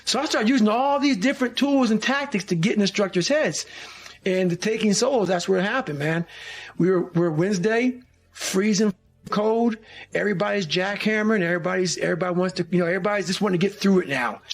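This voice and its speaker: A man's voice: sits high, fairly quick. A man telling a war-training story in an intense, profane motivational style. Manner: intense, swearing, acts out quoted shouts. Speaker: former special forces trainee telling a story.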